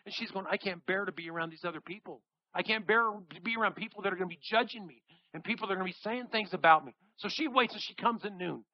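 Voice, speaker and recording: A man preaching a sermon, reading scripture and acting out the people in the story with animated delivery. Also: high-pitched, fast talker, highs cut off. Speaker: pastor.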